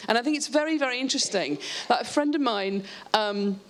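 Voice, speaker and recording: A woman speaking on a live panel, explaining her ideas in a lively way and restarting her sentences often. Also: a little high, brisk. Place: stage at a live event.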